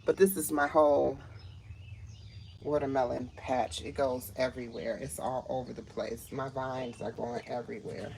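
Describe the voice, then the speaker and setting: A woman vlogging from her home garden, talking straight to her viewers with warm enthusiasm and emotion, filming on a phone outdoors. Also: extremely low pitch, fairly even intonation, normal speed, gravelly, slight background noise. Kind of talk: casual garden walkthrough vlog. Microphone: phone held while walking.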